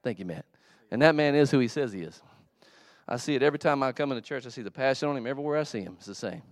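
A man preaching a sermon in a church, telling a story in a conversational, animated way with asides to the congregation. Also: medium pitch, very fast, no echo. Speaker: pastor.

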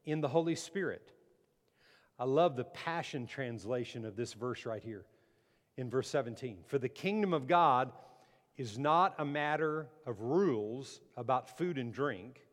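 A pastor preaching a sermon, emphatic and repeating phrases, calling the congregation to answer amen. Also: male voice, mid-range voice. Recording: long hall reverb.

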